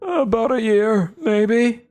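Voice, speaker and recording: A man voicing a feral, paranoid old male goblin hermit in a shrill old-man voice. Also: animated, slow pace, a little mellow, soft background music, heavily acted. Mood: grumbling. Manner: shrill, suspicious, squawking.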